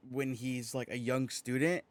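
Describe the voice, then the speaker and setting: A man co-hosting a podcast in casual chat, relaxed and rambling, swearing casually. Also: medium pitch, unhurried. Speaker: podcast co-host.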